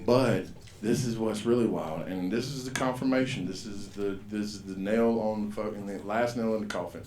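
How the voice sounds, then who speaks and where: A man, performing a rambling, profane stand-up set and loudly acting out the people in his stories. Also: on the low side, normal speed, echoey room, slight background noise. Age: 50s. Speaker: stand-up comedian. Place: comedy club stage.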